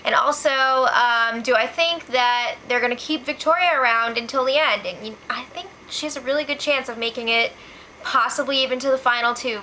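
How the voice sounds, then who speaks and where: A young woman hosting a casual reality show spoiler recap, chatty and gossipy with quick asides. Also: on the high side, pushed and bright, a little hiss or hum.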